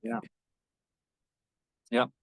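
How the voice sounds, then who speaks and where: A man co-hosting a podcast, explaining his ideas earnestly and gently in a casual conversation. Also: extremely slow, no room sound, low-quality recording. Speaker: podcast co-host.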